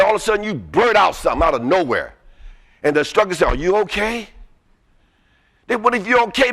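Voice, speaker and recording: Lively high-voiced male presenter. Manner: energetic, asks the audience fill-in questions. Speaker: workshop presenter. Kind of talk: interactive motivational lecture.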